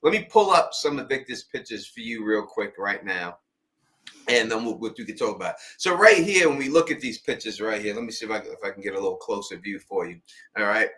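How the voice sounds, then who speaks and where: Man, New York accent, bright tense voice, rambling, thinking aloud. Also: fairly low pitch, expressive, fairly quick. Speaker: live-stream host. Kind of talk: casual live-stream theory talk.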